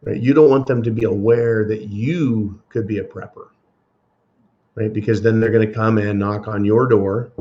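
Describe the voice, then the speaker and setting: A man's voice: fairly low pitch, fairly even intonation, unhurried, long pauses, mellow, muffled recording. A man hosting a podcast, delivering a sarcastic, profane solo commentary rant. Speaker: podcast host.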